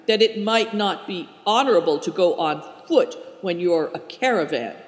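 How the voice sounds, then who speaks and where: A man's voice: high voice, animated, moderate pace. A man voicing a timid young male traveler in a storybook reading, with reverb. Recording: roomy hall reverb.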